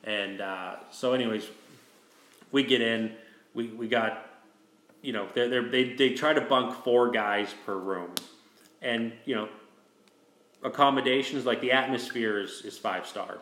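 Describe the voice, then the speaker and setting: A man's voice: mid-range voice, a little slow, pauses often, fairly bright tone, reverberant. A man telling a long story in casual chat, rambling with restarts and fillers. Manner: rambling, with many restarts and "you know". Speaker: host telling a hunting story.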